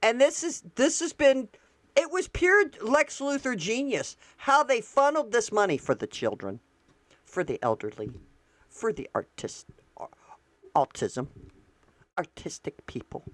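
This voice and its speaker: A woman's voice: on the high side, very animated, measured pace, pauses often, no echo. A woman vlogging political commentary, reading excerpts aloud and reacting, heated and indignant, repeating lines for emphasis.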